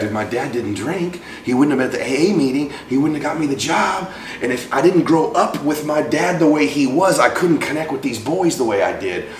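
A man in his forties, a guest in an interview, telling a personal story with lively acted-out voices for the people in it. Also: fairly low pitch, distant mic, slight background noise. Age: 40s. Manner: animated storyteller acting out quoted voices. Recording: roomy, from off-mic.

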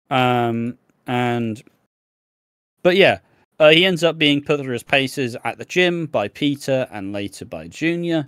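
A man's voice: medium pitch, expressive, slow, a bit bright, smooth, no echo. British guy chatting on a podcast, swears a lot, laughs, dry close mic. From Britain. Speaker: podcast co-host. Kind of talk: casual chat. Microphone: home setup, on camera.

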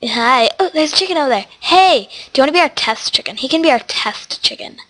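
A teenage girl hosts a casual gaming tutorial, chatting and rambling in a stuffy, sniffly voice and talking to the animals in the game. Her voice is high-pitched, a bit bright and brisk with lively intonation, over slight background noise.

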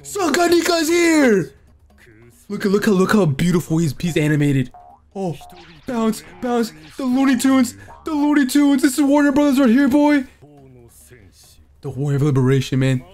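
A man hosting an anime reaction channel, giving live reaction commentary in excitable outbursts full of swearing and shouting. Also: high voice, moderate pace, faint music behind. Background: faint anime soundtrack playing.

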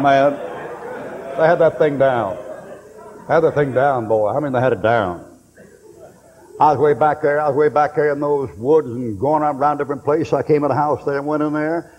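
A man's voice: on the high side, moderate pace, muffled recording, slight background noise. A man preaching a sermon in a folksy storytelling way, acting out the voices in his stories. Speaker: pastor. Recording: reverberant hall recording.

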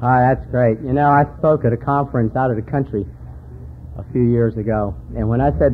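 A man's voice: mid-range voice, steady tone, fairly quick, slight background noise. A man speaking at a recovery conference, telling folksy jokes and stories to an audience in a hall. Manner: folksy joke-telling storyteller. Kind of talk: recovery meeting talk with jokes. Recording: tinny phone-like hall recording.

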